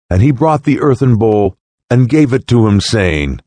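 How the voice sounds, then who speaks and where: A man reading parables aloud in a solemn, deliberate storytelling voice. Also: sing-song, a little mellow, no echo. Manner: solemn, deliberate, with wide swings in pitch. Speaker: narrator. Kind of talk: slow dramatic reading of parables.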